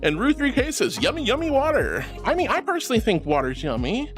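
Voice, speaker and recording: An affectionate VTuber streamer chatting live with viewers, sprinkling endearments and giggly thanks. The voice sits at a middling pitch but leaps up and down in lively swings, with faint music playing underneath. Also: brisk. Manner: affectionate, calls viewers sweetie and honey. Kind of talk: casual live-stream chat reading.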